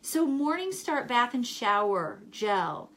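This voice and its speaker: A woman on a live stream from home, talking to viewers in a warm, encouraging way and repeating her key phrases. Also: a little high, sing-song, slow. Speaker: wellness vlogger selling essential oils. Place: home in Chicago, indoors.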